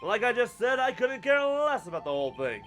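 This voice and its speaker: A man's voice: extremely high pitch, very animated, a little fast, fairly bright tone, faint music behind, pitched above the performer's own voice, full character voice. A man voicing a cocky, evasive young male rebel in a video game, with a casual, dismissive drawl. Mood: defiant. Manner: casual, dismissive drawl, talks with mouth full.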